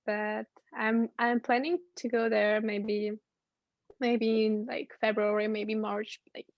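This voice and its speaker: A woman's voice: on the high side, flat delivery, slow, no echo, lo-fi sound. Giggly young woman. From Uzbekistan. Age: young adult. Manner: giggly, upbeat, many fillers. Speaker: guest. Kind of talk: casual video-call chat. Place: home.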